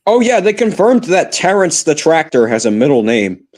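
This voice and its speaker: A man hosting a live stream in casual, playful chat, quick to laugh. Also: on the high side, big pitch swings, darkish tone. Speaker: live streamer, show host.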